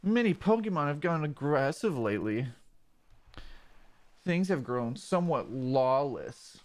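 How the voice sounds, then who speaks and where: Man voicing earnest young Mudkip, high, lively, slow. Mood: curious. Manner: raised, earnest storybook voice. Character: friendly young male Mudkip partner, earnest.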